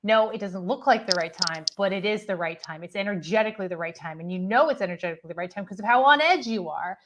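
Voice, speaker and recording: A woman's voice: mid-range voice, quick pace, a bit bright. A woman giving a psychic reading on a livestream, describing the energy she feels in her body, often restarting and repeating her phrases. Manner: feels energy in the body and talks about it with many restarts and repetitions. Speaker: psychic reader and co-host. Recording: clear background noise.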